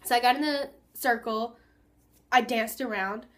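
A teenage girl chatting casually in a vlog, rambling and excitable, with lots of fillers and asides. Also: on the high side, measured pace. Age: teens. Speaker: vlogger.

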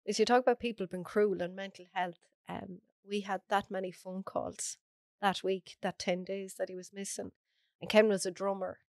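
A woman's voice: medium pitch, level tone, normal speed, no room sound. An Irish woman, a podcast guest, earnestly recounting a personal story in close detail. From Ireland.

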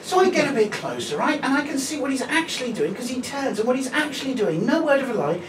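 A man's voice: very high voice, big pitch swings, fast, echoey room, background noise. A man in his forties doing stand-up, chatty and self-deprecating, telling a story with lots of "right?". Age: 40s. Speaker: stand-up comedian. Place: comedy venue stage. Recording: live room, mic at a distance, loud audience.

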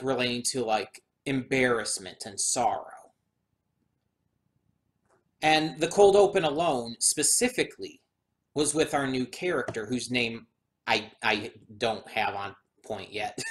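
A man's voice: mid-range voice, a bit bright. A man hosting a reaction video who talks casually and thinks aloud in a chatty, meandering way. He sounds a bit drowsy and keeps yawning. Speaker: anime reaction host. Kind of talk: casual spoken commentary for a video audience.

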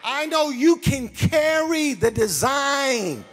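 High, animated shouting preacher. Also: male voice, measured pace. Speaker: pastor. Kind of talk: sermon. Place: church sanctuary. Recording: reverberant church hall.

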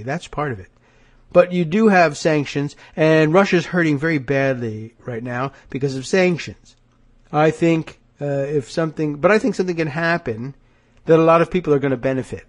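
A man's voice: fairly high pitch, normal speed. A man hosting a political podcast, sardonic and wry, reading news quotes with asides, his nose stuffed up. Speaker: podcast host. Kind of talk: political commentary.

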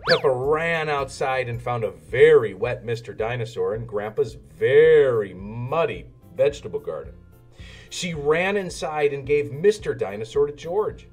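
A man reading a children's storybook aloud in an expressive, sing-song way. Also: medium pitch, measured pace, breathy edge, faint music behind. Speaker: narrator.

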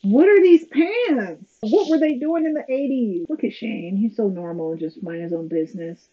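A woman's expressive, highish voice moves at a moderate pace as she hosts a casual reaction watch-along, commenting throughout with sarcasm and exasperation. The lo-fi sound is slightly dull, with faint noise.

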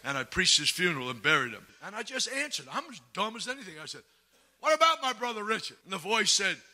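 A middle-aged man preaching a sermon, folksy and humorous, moving from quiet storytelling to shouted exhortation. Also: high voice, big pitch swings, fast.

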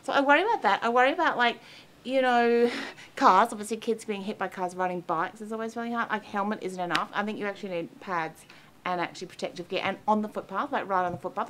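A woman's voice: mid-range voice, fairly bright tone. Anxious self-mocking comic woman rambling. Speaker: comedian and columnist. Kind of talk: confessional comic monologue.

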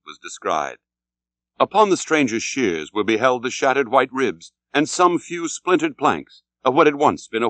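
A man narrating an audiobook in a solemn, dramatic, measured way. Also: medium pitch, fairly bright tone, no echo.

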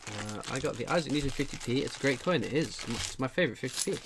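A man's voice: mid-range voice, expressive, fast, heavy background noise. Laid-back man reading live chat. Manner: dry, understated humour; frequent filler "uh" while scanning chat. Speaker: livestream host. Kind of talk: casual livestream chat reading viewer comments.

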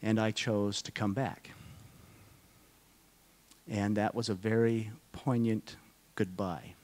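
A middle-aged man speaking to a conference audience, telling a personal story in a slow, halting, deeply emotional way, often dropping to a hush. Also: fairly even intonation. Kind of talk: personal testimony talk to an audience. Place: conference hall.

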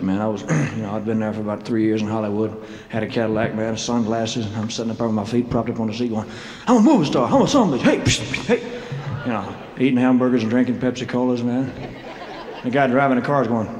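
On a big showroom stage, a male singer performing live spins rambling, self-deprecating stories, laughing between phrases and clearing a frog from his throat. His voice is medium-pitched and a little mellow. The live concert recording, taken through a stage microphone, echoes through the hall with faint noise.

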